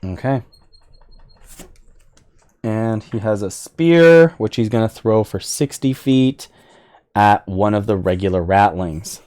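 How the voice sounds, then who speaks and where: Male game master, slow and easygoing, narrates monsters and turns. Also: fairly low pitch, a little mellow. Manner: slow, unhurried narration with chuckles.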